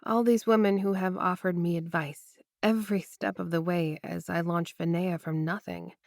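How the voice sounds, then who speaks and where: Gravelly woman narrating a romance. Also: lowish voice, steady tone, moderate pace, dry recording, studio quality. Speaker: audiobook narrator. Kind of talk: first-person romance narration.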